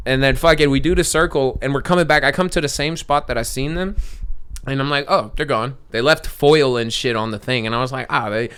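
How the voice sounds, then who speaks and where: A man's voice: medium pitch, brisk, smooth. A man hosting a podcast, telling a story in casual chat, laughing and acting out the people in it. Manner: animated, laughing storyteller who acts out the people in his stories. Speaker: podcast host.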